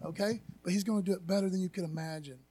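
A man's voice: sits high, fairly even intonation, very fast, mellow. A man pastor giving a casual conversational sermon, emphatic and folksy, often tagging sentences with "man" and searching for words aloud.

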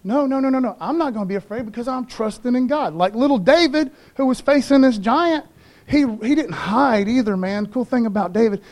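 A man's voice: extremely high pitch, animated, fairly quick, a little mellow. A man pastor giving a casual, conversational sermon to a church and a TV audience, calling out to the listeners. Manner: conversational preaching with call-outs to the congregation. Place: church broadcast.

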